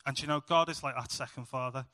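A man's voice: medium pitch, fairly even intonation, fast talker, bright, forceful tone, long reverb tail. A young man preaching a sermon in a chatty, self-mocking storytelling way.

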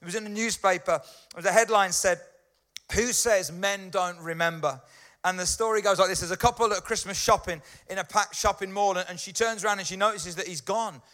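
A man's voice: high-pitched, steady tone, fast, bright, forceful tone. A middle-aged man giving a conversational sermon, often checking in with his listeners. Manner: chatty, keeps checking in with listeners. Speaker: pastor.

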